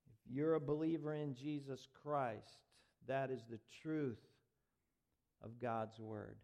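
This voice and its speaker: A man preaching a sermon as pastor, reading scripture aloud and building to forceful, dramatic emphasis. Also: mid-range voice, fairly even intonation, slow pace.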